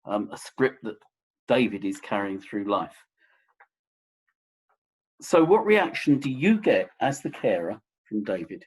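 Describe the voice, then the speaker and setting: A man, a counsellor, explaining pastoral listening in a recorded teaching seminar, gentle and full of examples. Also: lowish voice, big pitch swings, measured pace, long pauses, husky.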